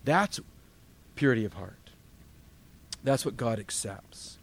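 A man preaching a sermon as a pastor at a church service, animated and emphatic, with frequent rhetorical questions. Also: on the low side, slow, vocal fry.

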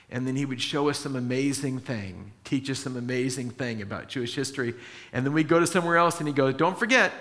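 Animated man preaching a sermon. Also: on the high side. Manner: animated, acts out biblical dialogue, slows for emphasis. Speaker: pastor.

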